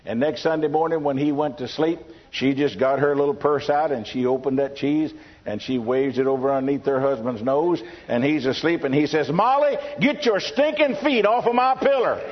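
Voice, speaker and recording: A man's voice: mid-range voice, fairly even intonation, brisk, a little hiss or hum. A man from Texas with a Texan accent, preaching a sermon full of folksy, humorous stories. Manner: folksy, humorous anecdote-telling. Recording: dull lo-fi sermon recording.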